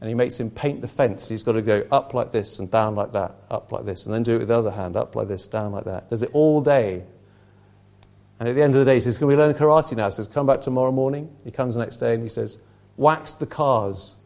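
A man's voice: lowish voice, fast, creaky, dark tone. Earnest man preaching a sermon. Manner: earnest, conversational, frequent restarts. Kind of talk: sermon to a small group.

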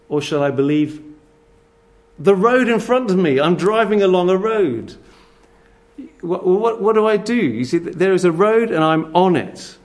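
A man preaching a sermon, earnest and animated, telling stories and asking rhetorical questions. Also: a little high.

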